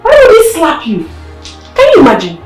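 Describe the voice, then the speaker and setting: An actress with a Nigerian accent playing a scheming, sharp-tongued royal wife who mocks and presses with pointed questions. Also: female voice, high-pitched, wildly swooping pitch, moderate pace. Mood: dismissive. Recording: roomy echo, mic at a distance, faint music.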